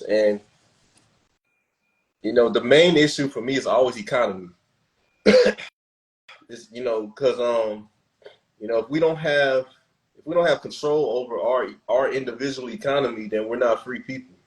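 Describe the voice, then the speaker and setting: A man's voice: mid-range voice, normal speed, pauses often, rough recording. Laid-back man in casual chat. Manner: laid-back, laughs often, restarts sentences. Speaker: podcast host.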